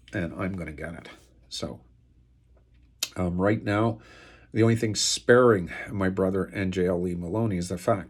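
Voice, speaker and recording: A man talking unscripted to the camera, aggrieved and angry, rambling with many fillers and getting louder when outraged. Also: husky. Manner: turns loud and high-pitched when outraged. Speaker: video blogger airing an estate dispute.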